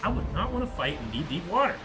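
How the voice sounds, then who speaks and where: Lively joking man over a film soundtrack. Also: on the high side, music in the background. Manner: playful, quick to joke and laugh. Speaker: co-host reacting to a film. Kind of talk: casual reaction chat. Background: film soundtrack playing.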